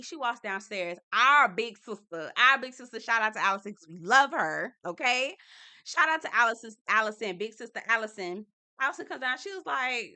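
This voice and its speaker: Young woman, doing a tv recap, bright voice, laughs a lot and acts out quotes. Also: mid-range voice, moderate pace. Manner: animated and expressive, laughing, acting out quotes. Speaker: TV recap host. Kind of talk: casual reality TV recap.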